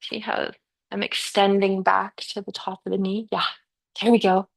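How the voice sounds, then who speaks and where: A woman's voice: mid-range voice, level tone, normal speed, gravelly. A middle-aged woman teaching a live yoga class, chatty and encouraging, often saying "yeah" and "okay" as she guides students.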